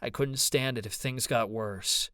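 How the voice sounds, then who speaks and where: Smooth, dry-voiced male audiobook narrator. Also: mid-range voice, a little slow, sharp tone, no echo. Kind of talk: first-person audiobook narration.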